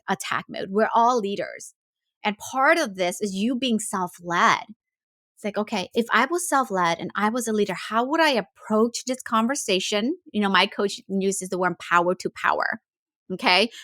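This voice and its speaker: A woman's voice: medium pitch, a bit bright, no echo, studio quality. A woman life coach speaking in a casual, reflective way, with frequent fillers and restarts as she thinks aloud. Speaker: life coach, podcast host.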